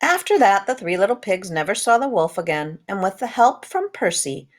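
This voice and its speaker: A woman reading a children's storybook aloud, with lively sound effects and rhythmic repetitions. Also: mid-range voice, normal speed.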